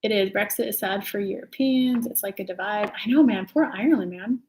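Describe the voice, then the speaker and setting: A woman's voice: medium pitch, a little fast, a little mellow, a little hiss or hum. A young woman from California chatting casually on a livestream, rambling and laughing as she talks. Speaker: livestream host, tarot reader.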